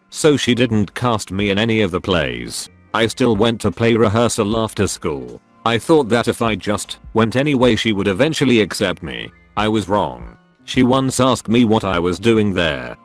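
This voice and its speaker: A man reading online posts aloud as a scripted narration, in an even reading voice. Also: on the low side. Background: faint background music.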